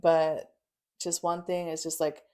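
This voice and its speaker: Woman, young adult, podcast guest, blunt, profane, laughs a lot, lowish voice. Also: flat delivery, a little slow, a little mellow. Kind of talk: casual storytelling.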